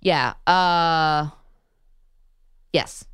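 A woman's voice: sits low, drawn-out words, a bit bright, clear, resonant tone, dry recording, studio quality. A woman hosting a sports talk radio show, playful and opinionated in casual banter. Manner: playful, opinionated, laughs easily.

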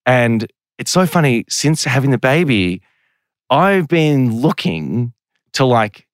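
A man's voice: mid-range voice, very animated, slow, no room sound, clean studio sound. A man talking as a podcast guest, telling long stories in a rambling, self-deprecating way. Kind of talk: casual podcast interview.

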